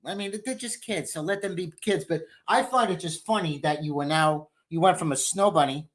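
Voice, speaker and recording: A woman co-hosting a podcast in casual chat, teasing her co-host with quick quips. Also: on the low side.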